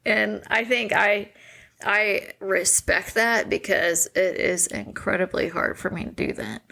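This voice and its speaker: Woman in her 40s chatting on a podcast, bit of vocal fry, laughs a lot. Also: mid-range voice, unhurried. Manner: candid, laughs often, animated retelling. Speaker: podcast co-host. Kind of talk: casual chat.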